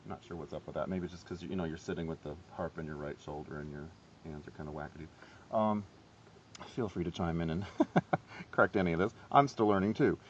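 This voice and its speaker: A man's voice: sits low, fairly quick, lo-fi sound, slight background noise. A man giving a casual, rambling harp lesson, chatty and self-deprecating. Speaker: harp teacher. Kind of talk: casual instructional video.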